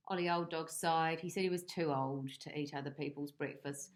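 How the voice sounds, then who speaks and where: A woman reading a children's picture book aloud in an expressive, animated way. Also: low voice, normal speed, few pauses. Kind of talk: children's storybook read-aloud.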